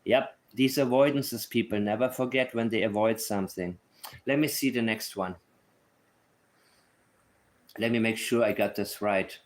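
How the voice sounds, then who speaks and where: A man's voice: on the low side, measured pace, long pauses. A man giving casual commentary on a case. He is blunt and opinionated and thinks aloud as he goes. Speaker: true crime commentator.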